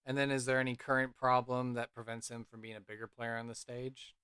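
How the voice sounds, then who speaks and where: Smooth-voiced man hosting a game podcast. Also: medium pitch, little pitch movement, a little fast, pushed and bright, no echo, clean studio sound. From Dallas–Fort Worth area, Texas. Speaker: podcast host and game master. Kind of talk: casual tabletop game chat.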